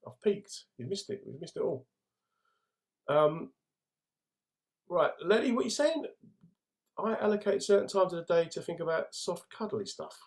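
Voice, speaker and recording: Man, middle-aged, London accent, comedian hosting a livestream, laddish, jokey, chatty. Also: medium pitch. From England. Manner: laddish, jokey, chatty, reads out viewer comments. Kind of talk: casual livestream chat.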